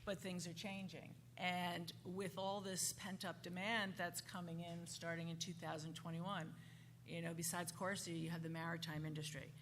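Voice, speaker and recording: A woman speaking on a conference panel, halting and often restarting her sentences. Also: on the low side, little pitch movement, a bit bright. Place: conference hall. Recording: conference hall reverb, faint noise.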